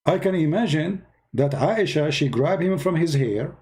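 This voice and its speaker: A man with a slightly raised pitch and a mellow, warm tone hosts an online commentary. He mocks and jokes straight to his viewers in halting, non-native English full of grammar slips. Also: lively intonation. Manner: sarcastic, mocking, talks directly to viewers.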